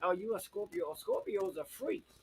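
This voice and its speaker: A man's voice: high-pitched, lively intonation, normal speed, a crowd in the background, low-quality recording. A man, hosting a casual live-stream chat in a sassy, flamboyant way, swearing freely and calling everyone girl and honey. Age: 50s. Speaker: host.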